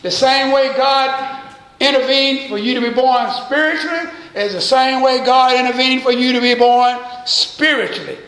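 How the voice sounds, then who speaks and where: A man preaching a sermon as pastor, pausing to quiz his congregation with call-and-response questions. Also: extremely high pitch, a bit bright, echoey room, poor audio. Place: church.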